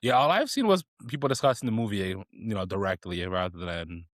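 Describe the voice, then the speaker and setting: A young man co-hosting a podcast in a casual chat, expressive and sassy, laughing often. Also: low-pitched, fairly quick, no echo, clean studio sound. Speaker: podcast co-host.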